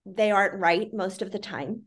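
A woman's voice: medium pitch, normal speed. A woman speaking as an interview guest, earnest and reflective, with the odd "like" and "you know". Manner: earnest, reflective, with frequent fillers. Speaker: parenting institute CEO, guest. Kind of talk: conversational interview.

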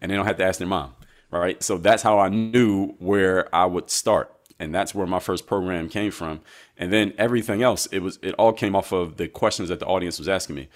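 A man, a guest and basketball coach, telling his story in a measured, reflective way during a conversational interview. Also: low voice.

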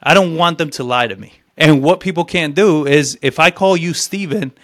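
A fairly high-voiced male sales coach teaching cold calling. He talks bluntly and swears freely. He acts out sample phone calls as he explains them. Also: moderate pace, fairly bright tone.

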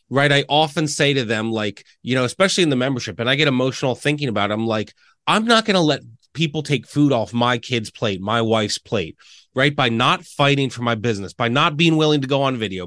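A man's voice: mid-range voice, a bit bright, no room sound. Man, podcast host, earnest, affirming, dry close sound. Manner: earnest, affirming, asks questions. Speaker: podcast host, realtor coach. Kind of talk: podcast interview.

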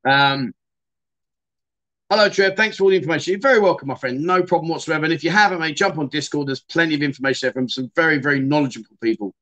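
A man's voice: on the high side, quick pace, fairly bright tone, muffled recording. A middle-aged man, hosting a casual livestream and chatting loosely with many fillers and restarts. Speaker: livestream host.

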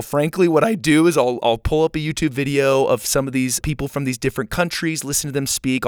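A man's voice: medium pitch, clear, resonant tone, no room sound, clean studio sound. A man in his thirties, a podcast host reading listener reviews in a casual, enthusiastic and earnest way to young listeners.

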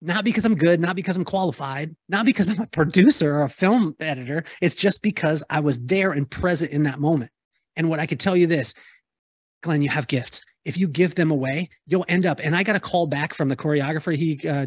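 A man telling a lively story to an audience, acting out the voices of the people in it. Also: a little high, husky, no room sound, studio quality. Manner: lively, acts out quoted voices. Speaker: keynote speaker answering audience. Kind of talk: animated storytelling talk.

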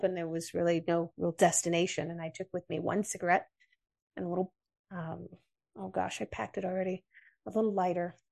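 An American woman appearing as a podcast guest tells a personal story in an interview, earnest and measured. Her voice sits on the low side and is creaky.

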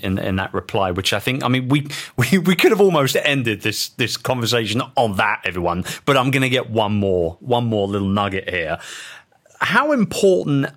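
A man's voice: on the low side, fairly bright tone. Chatty male podcast host. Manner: enthusiastic, chatty, with repeated false starts. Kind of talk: podcast interview.

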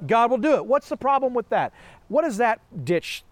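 A man preaching a sermon, animated, asking rhetorical questions and laughing often. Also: very high-pitched, normal speed.

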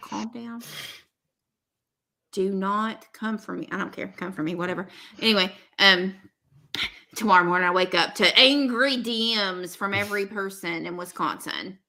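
A woman's voice: mid-range voice, moderate pace, bright, forceful tone. A woman hosting a podcast, chatting casually in a rambling, gossipy way full of fillers. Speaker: podcast host.

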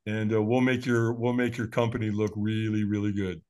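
A man's voice: lowish voice, level tone, fairly quick, a little mellow, clean tone. A man in his late sixties telling stories in an interview, acting out quoted voices and laughing often. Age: 60s. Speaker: guest. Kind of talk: animated storytelling interview.

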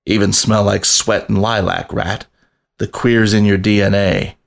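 A man voicing a big, domineering male lion in a storybook reading, speaking in a low, quiet, teasing way. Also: flat delivery, unhurried, vocal fry.

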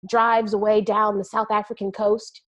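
A woman co-hosting a podcast, casually retelling a movie plot with lively asides and laughter. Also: mid-range voice, moderate pace. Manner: animated storytelling with quoted voices and laughter. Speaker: podcast co-host. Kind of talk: casual movie review chat.

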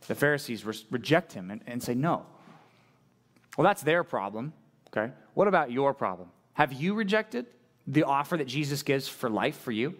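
A man's voice: a little high, animated, normal speed. Middle-aged man, pastor, conversational sermon, acts out quotes, questions the listeners. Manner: conversational preaching, acting out quoted voices; addresses listeners directly with questions.

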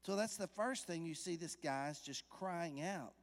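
Male preacher in a church sanctuary, somewhat high-pitched voice, chatty sermon delivery that builds to loud emphasis, long reverb. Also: measured pace. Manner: conversational preaching that swells to loud emphatic peaks; questions the congregation directly.

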